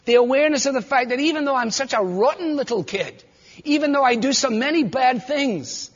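High-voiced man preaching in a reverberant hall. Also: animated, brisk. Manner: expository preaching, rhetorical questions, rising to fervent emphasis. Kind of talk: sermon. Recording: dull muffled sound in a reverberant hall.

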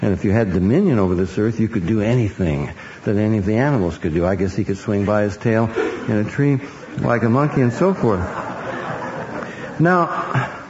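A man's voice: lowish voice, normal speed, a little mellow. A man preaching a sermon, emphatic and sometimes mocking in his repetition. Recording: echoey hall, dull sound with faint hiss.

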